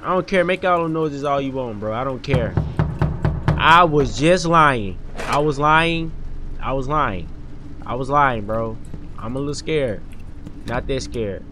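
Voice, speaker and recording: A man giving slangy, excitable live commentary on a horror game as a gaming streamer. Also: medium pitch, normal speed, slight background noise. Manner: excitable, slangy, yelling when startled.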